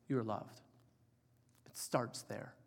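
A man in his forties preaching a sermon, telling an emotional personal story and dropping to soft, quiet tones for emphasis. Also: fairly low pitch, fairly even intonation, takes it slowly, gravelly. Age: 40s. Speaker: pastor. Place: church hall. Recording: reverberant church hall.

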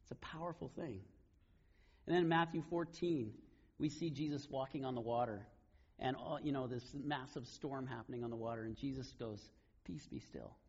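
A man preaching a sermon, retelling scripture stories in a relaxed, conversational way. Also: medium pitch, moderate pace, slightly rough, lo-fi sound. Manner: conversational storytelling, casual paraphrase of scripture. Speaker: pastor.

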